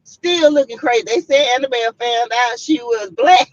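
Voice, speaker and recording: Through slightly muffled, lo-fi stream audio carrying a little hiss or hum, a fairly high-pitched Southern US woman hosts a casual live stream, chatting with viewers and sprinkling in "y'all" and "mm-mm."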